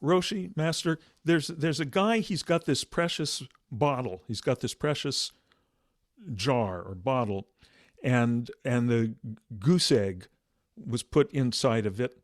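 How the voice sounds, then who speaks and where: A man voicing an earnest, puzzled male government official who slowly asks a riddle. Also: medium pitch, dry recording, clean studio sound, lightly acted.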